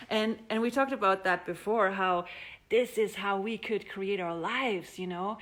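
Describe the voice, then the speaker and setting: Woman, playful, animated, acts out voices, live stream from a castle suite. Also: medium pitch, unhurried. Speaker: host. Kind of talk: casual live-stream talk.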